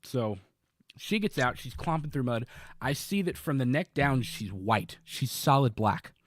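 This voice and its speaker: A man's voice: mid-range voice, lively intonation, unhurried, no echo, studio quality. A man co-hosting a podcast, telling a long story in casual chat, rambling with many fillers and restarts. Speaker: podcast co-host.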